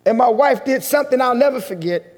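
A man preaching a sermon, telling a story with emotion and slow, deliberate pauses. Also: extremely high pitch, animated. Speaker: pastor. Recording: long hall reverb.

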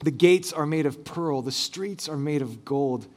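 A pastor with a voice on the high side reads scripture and preaches at an unhurried pace with light humor. He rises on the big phrases and drops softly at the ends of lines.

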